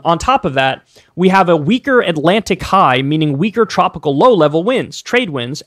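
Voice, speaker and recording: A man reading an article aloud and commenting on it in a measured, explanatory way. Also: high-pitched, fairly bright tone, no echo, clean studio sound. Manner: measured, explanatory, reads aloud and then remarks on it.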